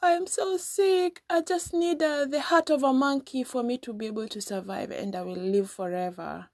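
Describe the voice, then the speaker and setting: A woman voicing a female crocodile wife who fakes a deadly illness, in a high, whiny, pleading voice, told as a spoken folk story. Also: moderate pace, a little mellow, no room sound, studio quality. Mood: feigning sickness.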